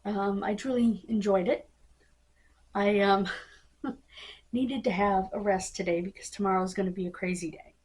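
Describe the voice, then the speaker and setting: A woman casually recapping a wrestling event as the host of her vlog, halting with many ums and hiccupping. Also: mid-range voice, fairly even intonation, a little mellow, slightly rough. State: hiccupping, coughing.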